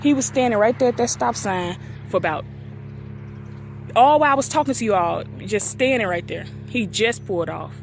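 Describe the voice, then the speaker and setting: A woman's voice: medium pitch, lively intonation, moderate pace, creaky, a little hiss or hum. A woman in her twenties tells a painful personal story in a casual vlog, recorded outdoors near a street. She acts out the things people said to her. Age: 20s. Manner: emotional, acts out quoted dialogue. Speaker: vlogger.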